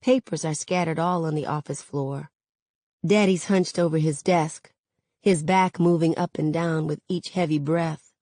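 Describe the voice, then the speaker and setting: A woman reading a novel aloud in a measured, even narration. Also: low-pitched, no echo. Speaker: reader.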